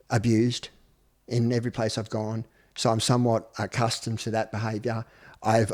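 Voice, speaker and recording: A man's voice: on the low side, a little mellow. Australian man, 50s, interview guest, blunt, swears freely, casual storytelling. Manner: blunt, profane, conversational. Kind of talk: candid personal storytelling.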